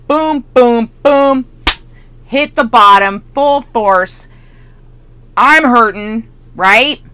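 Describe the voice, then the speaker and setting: A middle-aged woman coach telling a personal story in a casual, animated way, laughing often. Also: smooth, dry recording. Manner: animated and expressive, laughs often, rising to high excited peaks. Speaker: mindset and business coach.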